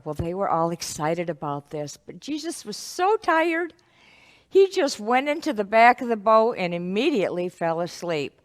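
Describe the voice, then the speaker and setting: A woman teaching a children's ministry lesson, telling a Bible story to kids in an animated, expressive way. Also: mid-range voice, moderate pace. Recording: echoey hall.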